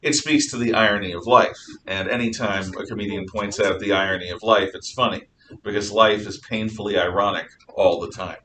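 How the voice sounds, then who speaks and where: A man's voice: steady tone, brisk, pushed and bright. A male history teacher lecturing a class in a casual, jokey storytelling way with asides. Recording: echoey room from far off, faint rumble.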